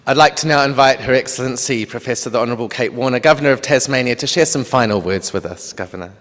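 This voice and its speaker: A man with an Australian accent hosting an award ceremony, asking questions in a gentle, supportive way. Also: medium pitch, fast talker. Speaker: ceremony host. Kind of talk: on-stage interview and hosting. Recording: long echo of a hall.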